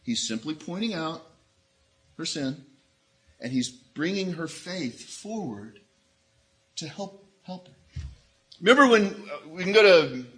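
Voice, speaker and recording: Animated bright-voiced male preacher. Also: on the high side. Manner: animated preaching, acts out voices of people in the story. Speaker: pastor. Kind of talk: sermon.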